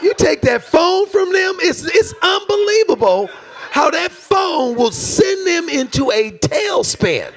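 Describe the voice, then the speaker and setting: A man's voice: very high-pitched, big pitch swings, slow pace, faint music behind. A man doing a stand-up set, ranting in exasperation about his kids and their phones. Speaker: stand-up comedian. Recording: live club set with audience laughter.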